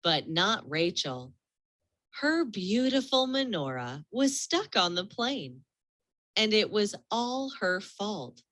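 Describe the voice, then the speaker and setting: A woman reading a children's storybook aloud in a gentle, expressive way. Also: medium pitch, slow, dry recording.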